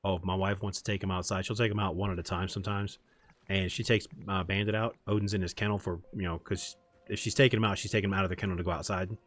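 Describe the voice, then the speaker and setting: A man's voice: low voice, little pitch movement, fast, a bit bright. A man streaming a game from home, chatting in a rambling, storytelling way. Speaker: gaming streamer. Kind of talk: casual chat while gaming.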